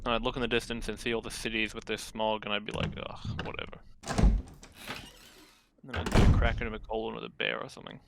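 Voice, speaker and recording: A man's voice: on the low side, flat delivery, fast, gravelly, pauses often, very noisy. A man watching a friend play a game, chatting casually in a dry, teasing way and slipping into silly voices for jokes. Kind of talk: casual chat while gaming. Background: game music.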